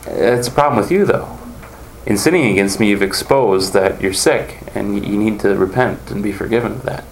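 A man leads a conversational Bible lesson, earnestly explaining and putting questions to the class. His voice is fairly low with vocal fry, and he speaks a little fast; the room echoes, with faint background noise.

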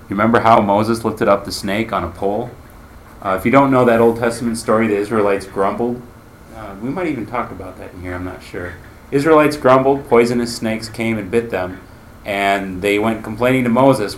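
A man's voice: fairly low pitch, fairly even intonation, normal speed, a little hiss or hum. A man teaching a Bible class in a conversational way, asking his listeners questions as he explains.

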